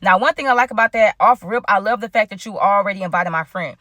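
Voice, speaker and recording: A woman telling a personal story to her viewers in a lively, casual, slangy way. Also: medium pitch, fast talker, no echo, studio quality. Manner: animated, slangy, addresses viewers as y'all.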